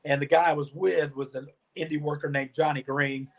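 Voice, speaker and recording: A man's voice: on the high side, a little fast. Man telling wrestling-days stories. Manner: animated storyteller, acts out quoted dialogue. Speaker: podcast guest, former wrestler. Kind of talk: storytelling interview.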